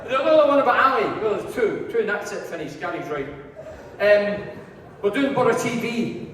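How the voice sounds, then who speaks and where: A Scottish man telling animated, swear-laden stories on stage at a live event. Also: high voice, brisk, a little hiss or hum. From Scotland. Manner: animated anecdotes, swears, acts out quotes. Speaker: guest speaker, former player. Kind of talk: comic storytelling on stage. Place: large hall at a live event. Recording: echoey hall, mic from far off.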